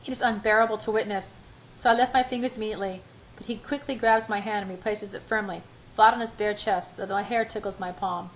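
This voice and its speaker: A woman's voice: mid-range voice, steady tone, fast talker, a little hiss or hum, poor audio. A woman reading a first-person romance novel aloud in a breathless, emotional way. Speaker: audiobook reader.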